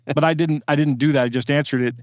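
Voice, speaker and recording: Dry-sounding, slightly high-voiced man chatting. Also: fairly even intonation, fast talker, dry recording. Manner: rambling, many restarts and fillers. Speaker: podcast co-host. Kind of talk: casual storytelling chat.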